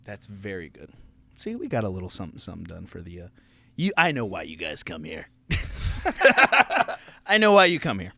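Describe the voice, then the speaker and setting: Male comedy podcast host, joking, lively bright voice, dry close sound. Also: low voice, normal speed, vocal fry, long pauses. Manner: joking, crude, laughing often. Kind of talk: casual comedy podcast chat.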